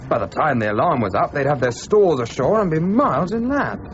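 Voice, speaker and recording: A clipped, commanding English adventurer leads this radio drama with a lively, swinging pitch. The recording sounds dull, with steady noise underneath. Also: male voice, fairly quick. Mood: urgent. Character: English gentleman adventurer narrating his tale. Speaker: narrator and lead character.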